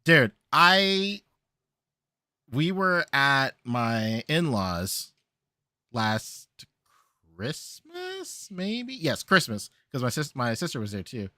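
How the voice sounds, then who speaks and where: A man's voice: mid-range voice, huge pitch swings, takes it slowly, sharp tone, dry recording. A man hosting a casual podcast, telling stories with frequent laughter and repeated phrases. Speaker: podcast host.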